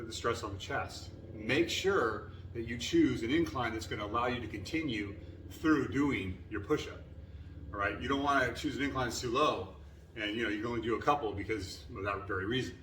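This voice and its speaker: A man's voice: medium pitch, a bit bright, distant mic, a little hiss or hum. A man coaching a push-up workout in a plain, casual way with many fillers, a little winded from exercising. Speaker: fitness trainer. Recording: echoey room, voice from afar.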